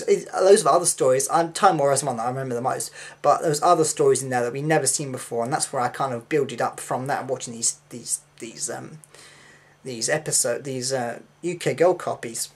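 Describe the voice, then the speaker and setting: Husky young man rambling. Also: mid-range voice, quick pace. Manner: rambling, excitable, with many fillers. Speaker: vlogger. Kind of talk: casual personal storytelling.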